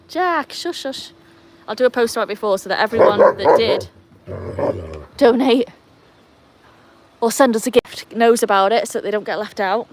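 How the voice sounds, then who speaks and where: A woman with a medium-pitched, creaky voice runs a laid-back live stream for her dog channel from beside an outdoor pool. She rambles along with many fillers, and a slight hiss or hum runs under the recording.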